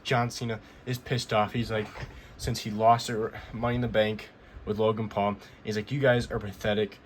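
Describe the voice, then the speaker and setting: A man with a lowish voice talks through a weekly recap in a loose, rambling way, stringing events together with repeated fillers. A faint hiss of noise sits under his voice. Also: flat delivery, normal speed. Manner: rambling, repeats "he goes" often. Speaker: wrestling recap vlogger. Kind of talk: casual show recap.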